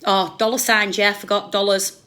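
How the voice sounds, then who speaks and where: A British woman ranting on a live stream, blunt and sarcastic, scolding someone by turns loudly and under her breath. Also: mid-range voice, level tone, fairly quick. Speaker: YouTube commentator.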